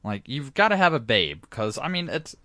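A man's voice: mid-range voice, very animated, normal speed, sharp tone, no echo. A man in casual chat about a horror movie, laid-back and joking, swearing casually.

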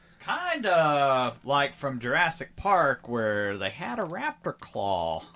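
Wisecracking man with lively pitch. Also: slow pace. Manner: wisecracking, jokey asides. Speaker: podcast co-host. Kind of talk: casual chat.

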